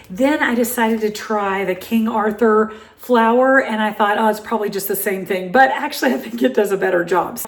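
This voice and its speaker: A woman's voice: fairly high pitch, roomy sound. A middle-aged woman with a Southern American accent, hosting a home cooking show in a cheerful, chatty, folksy way from her kitchen.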